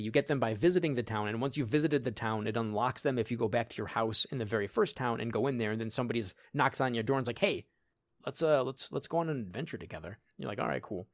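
A man's voice: medium pitch, no room sound, clean studio sound. A man co-hosting a casual podcast, telling stories animatedly, acting out lines of dialogue and laughing often. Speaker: podcast co-host. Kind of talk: casual chat.

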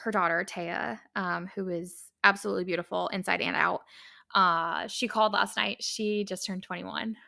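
Gravelly-voiced young woman rambling heartfelt. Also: medium pitch, fairly even intonation, normal speed, bright, forceful tone. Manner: rambling, heartfelt, many fillers and restarts. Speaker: podcast host. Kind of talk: casual solo podcast talk.

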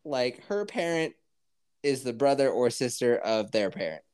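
A woman chatting casually, teasing and quick to laugh, asking pointed questions. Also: a bass voice, expressive, a little mellow, smooth. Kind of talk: casual chat.

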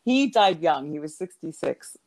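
Lively, laughing woman in casual chat. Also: deep voice, moderate pace. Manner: animated storyteller, laughs often.

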